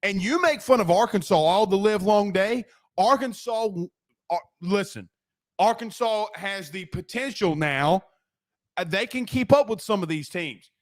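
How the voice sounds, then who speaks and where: A man with a high voice hosts a postgame sports show. He rants in a brash, profane, rapid-fire way, fired up and hammering each point. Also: animated. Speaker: sports talk show host.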